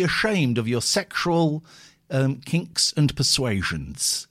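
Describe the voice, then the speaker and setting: A man hosting a late phone-in show, his pitch swooping widely as he rambles between calls. He talks casually and swears freely, from rants to musing asides. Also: wildly swooping pitch, unhurried, a bit bright, slightly rough. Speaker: radio phone-in host. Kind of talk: casual live radio talk.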